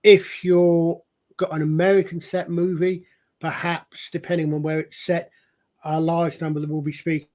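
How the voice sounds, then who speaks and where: Guy on a chat podcast, bit high voice, rambles on explaining stuff. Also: little pitch movement, moderate pace, a little mellow. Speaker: podcast co-host. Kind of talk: casual chat.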